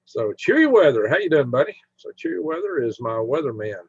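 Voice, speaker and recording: A man hosts a casual live stream and rambles along as he chats with his viewers, humming to himself now and then. His voice is husky and swings lively up and down. The sound is dry and dull, like a lo-fi mic. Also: medium pitch, brisk, no room sound. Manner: rambling, chatty, hums to himself while browsing.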